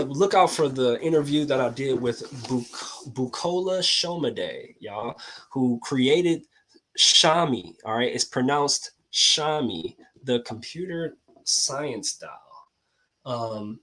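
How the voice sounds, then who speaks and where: A man hosting a casual talk to his viewers, excitable and slangy, laughing often and calling out to the audience. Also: mid-range voice. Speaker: host.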